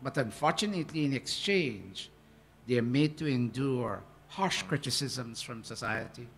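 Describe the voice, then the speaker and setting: A man teaching a scripture workshop, talking in an earnest, animated devotional manner. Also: medium pitch, unhurried, creaky, slight background noise. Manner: animated, earnest, with swells of emphasis.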